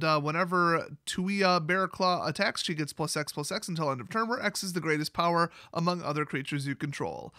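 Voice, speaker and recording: Male reviewer, higher voice, snarky casual commentary. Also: sharp tone, no room sound, studio quality. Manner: sarcastic, joking asides. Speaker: card game spoiler reviewer.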